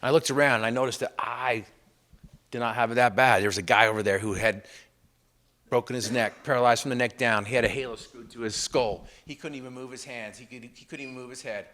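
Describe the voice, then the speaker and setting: A man giving a motivational speech to an audience, telling a personal story with repeated refrains and swinging from loud emphatic bursts to hushed lines. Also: medium pitch, fairly even intonation, a little fast. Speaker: motivational speaker.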